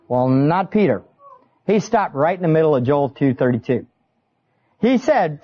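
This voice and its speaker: A man preaching a sermon, chatty and animated, often turning to ask his listeners questions. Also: high voice, dull audio. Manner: animated, conversational, asks the audience questions. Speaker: pastor. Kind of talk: expository sermon.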